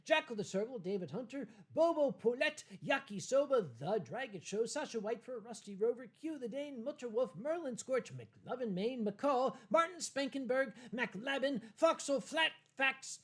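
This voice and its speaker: A tipsy man hosting a casual livestream from home, rambling and halting through viewer comments with many fillers and restarts. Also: extremely high pitch, expressive, fairly bright tone. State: tipsy from wine. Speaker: livestream host.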